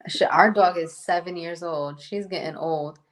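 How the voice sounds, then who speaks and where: Easygoing woman with a lowish voice on a podcast. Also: normal speed. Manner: easygoing and upbeat, laughing often. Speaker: podcast co-host. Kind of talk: casual chat.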